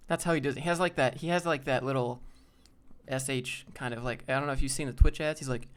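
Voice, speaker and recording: A man's voice: medium pitch, steady tone, fast, a little hiss or hum. A young man hosting a casual live stream, thinking aloud as he browses job listings and answers viewers.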